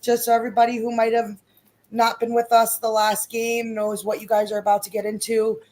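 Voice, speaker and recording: Brisk woman game master. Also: a little high, completely flat delivery, a little mellow. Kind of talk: recapping a tabletop game for a live stream.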